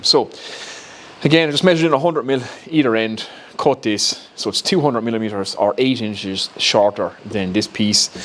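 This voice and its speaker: A man with an Irish accent casually talking through a woodworking build step by step, recorded in his home workshop. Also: on the low side. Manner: chatty, explains step by step, laughs at himself. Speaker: woodworking YouTuber.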